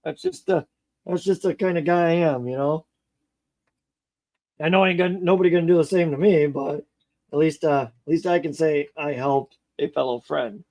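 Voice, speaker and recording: A man's voice: a little high, moderate pace, darkish tone, poor audio. A man chatting casually on a live stream while he repairs a model car, rambling, joking and muttering to himself as he works.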